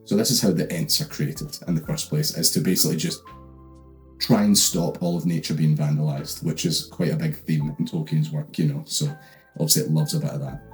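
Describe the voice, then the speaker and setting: A man's voice: a bass voice, steady tone, a little fast, soft background music. A young Scottish man hosting a comedic book recap, rambling with lots of fillers and swearing. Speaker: host.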